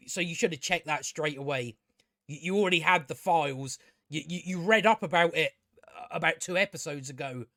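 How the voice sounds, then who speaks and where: A man's voice: high voice, a bit bright, dry recording, clean studio sound. A man, hosting a casual review and ranting in an exasperated, sarcastic way, swearing and stumbling over restarts. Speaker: TV review host.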